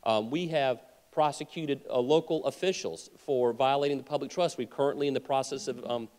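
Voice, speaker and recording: A man's voice: mid-range voice, brisk, darkish tone. Earnest man speaking in a reverberant hall. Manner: earnest, emphatic, with frequent restarts. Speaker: state attorney general. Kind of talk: political convention speech. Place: convention hall.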